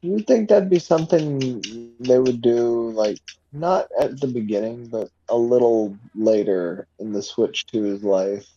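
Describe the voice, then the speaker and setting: A man's voice: mid-range voice, a little slow, mellow. A man co-hosting a casual podcast, laid-back with short replies and some stumbling. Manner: laid-back, brief replies, stumbles when making a point. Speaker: podcast co-host. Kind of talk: casual chat about video games. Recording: dull, lo-fi mic with faint background noise and keyboard typing.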